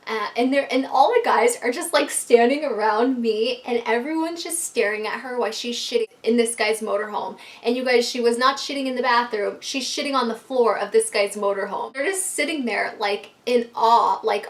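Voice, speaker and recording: A woman vlogger with a fairly high voice tells a wild story straight to her viewers. She talks casually, packs her lines with fillers and the odd swear, and stays animated throughout. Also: moderate pace, hardly any pauses.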